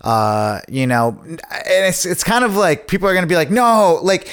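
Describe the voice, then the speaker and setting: A man's voice: on the high side, sing-song, moderate pace, a bit bright, clear, resonant tone. A young adult man, an actor talking casually as a podcast guest, rambling with lots of "like" and "you know".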